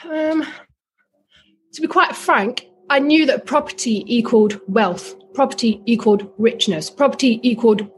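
Lively high-voiced young Englishwoman. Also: normal speed. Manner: lively, laughing, swears casually. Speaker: guest property investor. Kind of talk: casual podcast chat.

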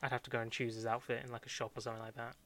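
A man co-hosting a podcast in casual chat, quick and animated, laughing often. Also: medium pitch, a crowd in the background. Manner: fast, laughing, animated storytelling. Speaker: podcast co-host.

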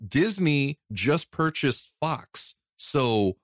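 An excitable American man hosting a casual remote podcast interview, gushing and laughing. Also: a little high, drawn-out words, dry recording, studio quality. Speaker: podcast host.

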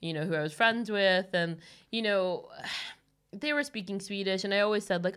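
A woman's voice: mid-range voice, a little fast, fairly bright tone, clear, resonant tone. A woman co-hosting a podcast, chatting casually and laughing often as she tells stories. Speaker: podcast co-host. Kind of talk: casual chat.

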